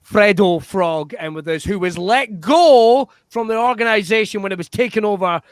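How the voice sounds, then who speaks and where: A man hosting an improv comedy show over a video call, energetic and laughing through quick banter. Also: high voice, clean tone, no room sound, studio quality. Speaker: host.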